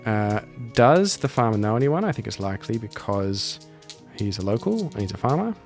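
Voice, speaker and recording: A man's voice: fairly low pitch, very animated, moderate pace, vocal fry, soft background music. A man hosting a podcast, narrating a solo tabletop game and thinking aloud as he rolls dice. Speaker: podcast host and solo player.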